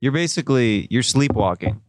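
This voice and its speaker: A young man hosting a podcast, talking in a quick, playful and defensive back-and-forth. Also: medium pitch, expressive, no echo, studio quality. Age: young adult. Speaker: podcast host and comedian. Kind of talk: casual podcast banter.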